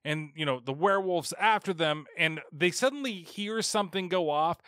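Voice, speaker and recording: A man's voice: high-pitched, animated, normal speed, fairly bright tone, smooth, dry recording, clean studio sound. A man hosting a horror movie podcast, rambling casually with profanity and sarcasm. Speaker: podcast host. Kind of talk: casual film review.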